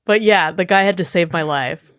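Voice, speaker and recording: A woman's voice: lowish voice, moderate pace, no echo. A woman co-hosting a podcast, chatting casually and telling a spooky story with acted-out voices and frequent laughter. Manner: animated, laughs often, acts out voices in stories. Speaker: podcast co-host. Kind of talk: casual chat, dramatic storytelling.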